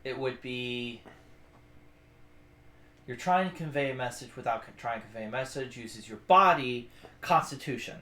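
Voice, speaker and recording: A man's voice: medium pitch, moderate pace, pauses often, bright, forceful tone, reverberant. A man running a tabletop game as game master, explaining rules and thinking aloud as he rules on skills.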